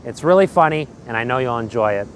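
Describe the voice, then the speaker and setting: A man's voice: mid-range voice, expressive, fast, slight background noise. A man hosting an interview show, upbeat and thanking his guest and viewers. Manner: upbeat, short affirmations. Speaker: interview host. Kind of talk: casual interview.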